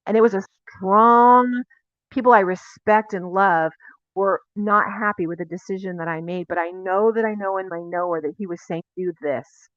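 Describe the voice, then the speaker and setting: A woman's voice: medium pitch, fairly even intonation, moderate pace, no room sound, dull audio. A woman teaching a casual, conversational sermon, often turning to ask her listeners questions. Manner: conversational, confessional, asks the audience questions. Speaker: teacher of a Messianic Bible teaching.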